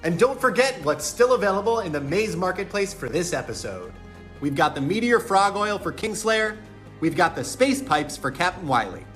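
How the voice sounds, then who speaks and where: A man's voice: high voice, big pitch swings, normal speed, a bit bright, soft background music, pitched above the performer's own voice. A man voicing a showy male gossip show host who talks in bubbly announcer patter. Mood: chirpy.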